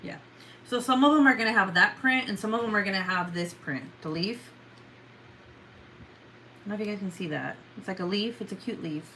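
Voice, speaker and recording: A woman's voice: medium pitch, fairly quick, long pauses, sharp tone, a little hiss or hum, rough recording. A tired young woman chatting casually in a late-night livestream, rambling and swearing with lots of fillers. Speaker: vlogger.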